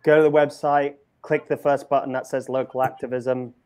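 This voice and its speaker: Brisk British-accented male guest. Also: mid-range voice, little pitch movement, darkish tone, smooth. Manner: brisk, direct instructions.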